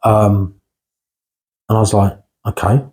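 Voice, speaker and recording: A little hiss or hum sits under this man's mid-range, dark-toned voice as he talks at a moderate pace. He is an interview guest telling his life story bluntly and frankly, swearing now and then and regularly checking in with "right?".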